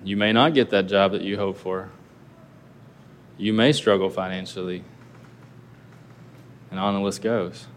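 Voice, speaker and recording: A man's voice: low-pitched, fairly even intonation, unhurried, long pauses, a little hiss or hum. A male pastor preaching a sermon earnestly, asking his listeners rhetorical questions. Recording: long reverb of a large hall.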